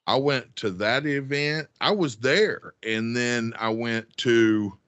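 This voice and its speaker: A man speaking as a podcast guest in a casual chat, relaxed and quick to laugh. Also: medium pitch, no echo.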